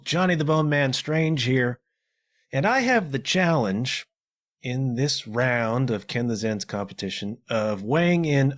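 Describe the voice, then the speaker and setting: Animated man reviewing rock albums. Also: mid-range voice. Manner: animated, conversational, frequent "okay?" asides. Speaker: guest reviewer. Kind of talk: casual music review.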